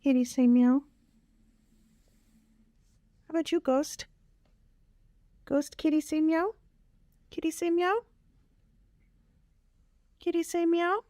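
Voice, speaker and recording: A woman's voice: very high-pitched, slow pace, long pauses, dark tone, no room sound. A woman coaxing her pet cats in sing-song baby talk. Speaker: cat owner. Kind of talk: coaxing pets.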